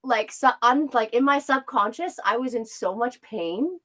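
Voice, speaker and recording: A woman's voice: on the high side, expressive, unhurried, fairly bright tone, low-quality recording. A young woman co-hosting a podcast, telling a story in casual chat, candid and swearing freely with bursts of laughter. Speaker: podcast co-host.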